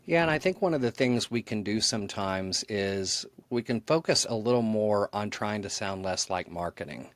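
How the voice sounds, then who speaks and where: A man's voice: fairly low pitch, animated, normal speed, few pauses, dry recording. A man speaking as a podcast guest, explaining his ideas in an earnest, thoughtful conversational way. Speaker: podcast guest, marketing author. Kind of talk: conversational interview.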